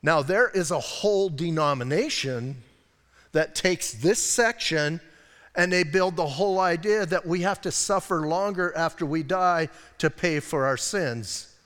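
With a measured pace and a voice on the high side, a bit bright, an American male preacher keeps his sermon conversational and chatty, full of rhetorical questions and asides. The sanctuary recording carries long church-hall reverb.

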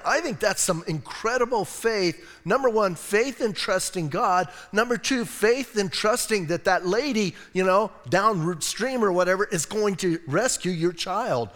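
A man's voice: high-pitched, moderate pace, few pauses, long reverb tail. A man with an American accent preaching a sermon as pastor, telling stories with jokes and asides. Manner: animated storytelling with jokes and asides. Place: church sanctuary.

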